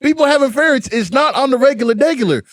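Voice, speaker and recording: A man's voice: very high voice, expressive, quick pace, a bit bright, dry recording, clean studio sound. A man co-hosting a podcast in casual chat, joking and teasing with emphasis. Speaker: podcast co-host.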